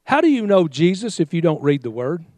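A man's voice: on the high side, sing-song, a little fast, warm tone, no room sound, clean studio sound. A male pastor preaching a fiery sermon, exhorting his congregation with call-and-response commands.

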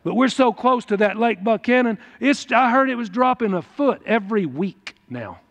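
A man's voice: very high voice, expressive, normal speed, gravelly, fairly bright tone. A man preaching a folksy, emphatic sermon to his congregation at church. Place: church hall. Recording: long hall reverb.

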